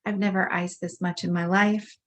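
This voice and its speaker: Woman, low flat voice, unhurried guided tapping script, measured repeated phrases. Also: slight background noise. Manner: slow, measured affirmations voicing frustration. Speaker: EFT tapping practitioner.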